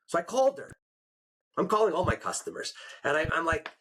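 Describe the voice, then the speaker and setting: Husky, animated male podcast host. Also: a little high, a little fast. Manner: animated storyteller, acts out quotes. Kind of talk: casual chat.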